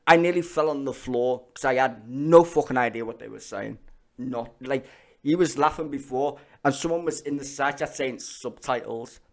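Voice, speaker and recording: A man's voice: medium pitch, moderate pace. Swearing Scouse man ranting. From Liverpool, England. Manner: heated, profane and blunt. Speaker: streamer reacting to videos. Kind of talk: casual ranting commentary.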